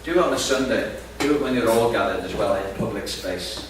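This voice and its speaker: A preacher with a lowish voice talks a little fast, telling a self-deprecating, humorous story to his sermon audience in a large hall. A distant mic captures the hall's echo along with background noise.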